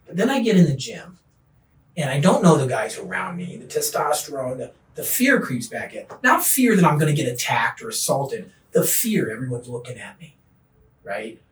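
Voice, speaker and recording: A middle-aged man, a podcast guest, telling his recovery story in an earnest, animated way. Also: medium pitch, moderate pace, distant mic. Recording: echoey room, voice off-mic.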